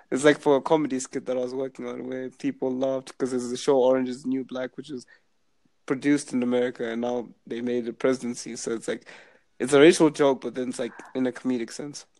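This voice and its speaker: A young man with a Zimbabwean accent chats casually with a stranger and tells animated stories. His voice has a gravelly fry. The sound is close and dry. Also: medium pitch, fairly quick, no room sound. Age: young adult. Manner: chatty, animated storyteller. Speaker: university student. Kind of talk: casual video chat.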